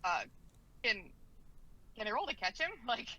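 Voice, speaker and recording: Quiet, tentative woman player. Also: on the high side, expressive, unhurried, poor audio. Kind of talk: tabletop game play.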